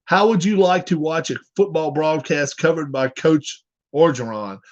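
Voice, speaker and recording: A man's voice: on the high side, moderate pace, a little mellow. A man chatting casually with his viewers, rambling and joking as he reads their comments aloud. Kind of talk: casual chat. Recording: dull lo-fi recording.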